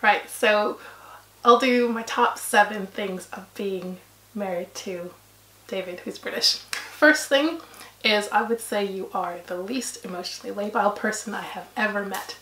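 A woman's voice: mid-range voice, a little slow, bright, forceful tone. Chatty woman from Canada, echoey room. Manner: laughing, chatty. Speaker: vlog co-host. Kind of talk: casual chat.

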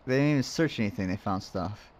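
A man's voice: fairly low pitch, expressive, fast talker. A man casually commenting as he plays a game, rambling and muttering to himself with jokes along the way. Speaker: let's play host.

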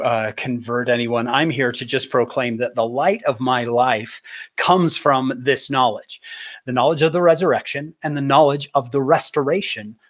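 A man from Utah giving a faith talk as a public speaker, telling stories with animation and slowing down for emphasis. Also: mid-range voice. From Utah, USA. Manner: animated storyteller, slows for emphasis.

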